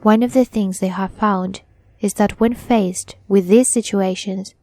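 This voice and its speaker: A woman reading a first-person horror story as a scripted narration, slow and deliberate. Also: medium pitch, fairly even intonation, mellow, no echo.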